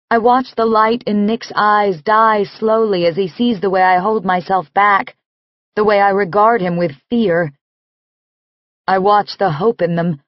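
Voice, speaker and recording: Slow, measured woman narrating a romance. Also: mid-range voice, no room sound, highs cut off. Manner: slow, measured, intimate reading. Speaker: audiobook narrator. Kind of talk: first-person scripted narration.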